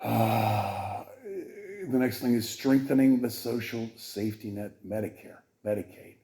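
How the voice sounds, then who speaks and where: A man hosting a political podcast who swings from shouted profane rants to low, rambling mumbles. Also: animated, measured pace. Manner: rambling, with many fillers and restarts. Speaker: podcast host.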